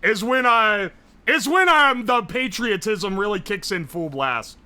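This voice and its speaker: A young American man chats casually on a live stream, rambling and excitable, swearing freely. His voice is high-pitched and he takes his time.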